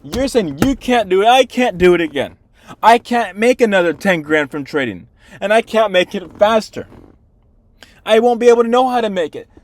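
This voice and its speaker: A young man with a fairly high voice talks to himself in a self-made video diary. He is a day trader, and he berates himself in the second person about his lack of discipline, swearing often. His tone stays frustrated and self-critical throughout. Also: lively intonation, moderate pace. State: hungry.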